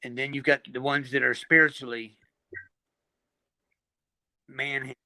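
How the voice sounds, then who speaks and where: A man's voice: mid-range voice, level tone, unhurried, bright, forceful tone, no echo. A man co-hosting a live panel chat, blunt and exasperated, swearing freely. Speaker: panel co-host. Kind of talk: casual chat.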